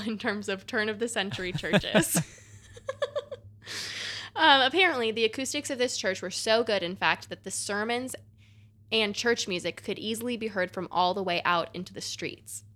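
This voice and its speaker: A woman's voice: mid-range voice, normal speed, pushed and bright. A woman co-hosting a podcast, chatting casually and reading a script aloud with breezy, slangy asides. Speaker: podcast co-host.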